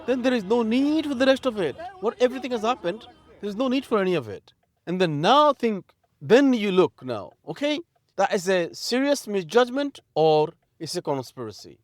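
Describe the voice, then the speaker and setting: A man from Bangladesh delivers an impassioned political monologue outdoors, his voice sitting a little high. He is heated and emphatic and keeps firing rhetorical questions. A faint crowd murmurs behind him. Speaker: political commentator. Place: outdoors in a city.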